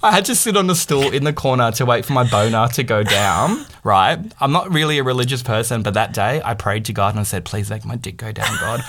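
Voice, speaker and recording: A man's voice: medium pitch, fairly quick, hardly any pauses, background noise. A man in his thirties, a podcast co-host, telling a personal story in casual chat and acting out the people in it. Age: 30s. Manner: animated, acts out quoted voices.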